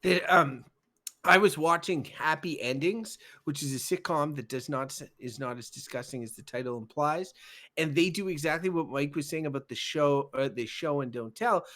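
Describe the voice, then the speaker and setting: A man with a fairly high voice co-hosting a podcast. He talks in a lively, animated way, comfortable and conversational. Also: normal speed. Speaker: podcast co-host. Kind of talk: casual chat.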